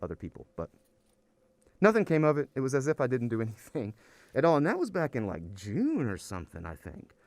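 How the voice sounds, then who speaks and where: A man's voice: medium pitch, huge pitch swings, fairly quick, darkish tone, dry recording. A man, an anthropology professor, talking in a casual podcast interview, rambling and worn out, often restarting his sentences. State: weary.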